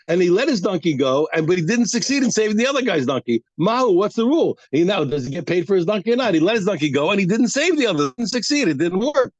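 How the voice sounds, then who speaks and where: A man teaching a daf yomi Talmud class, acting out both sides of the argument with halting restarts. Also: high-pitched, very animated, dry recording, dull audio.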